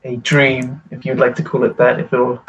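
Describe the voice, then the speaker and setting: A man's voice: medium pitch, monotone, moderate pace, fairly bright tone, highs cut off. A man playing a tabletop game, joking and hesitant, with lots of fillers. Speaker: player. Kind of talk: casual tabletop role-play.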